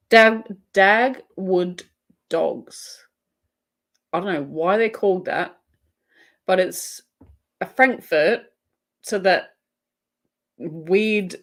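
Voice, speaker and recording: An Australian woman hosting a casual livestream, giggling often and chatting as she reads viewer comments aloud. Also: medium pitch. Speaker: crochet livestream host. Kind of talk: casual live-chat banter.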